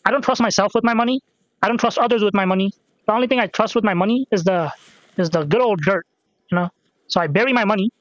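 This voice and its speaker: A man's voice: sits high, fast talker, fairly bright tone, no room sound. Rambling, profane young man gaming. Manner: rambling, profane, jokey, self-interrupting. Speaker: gaming podcast host. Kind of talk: casual rambling chat while playing. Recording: dry, dull lo-fi sound.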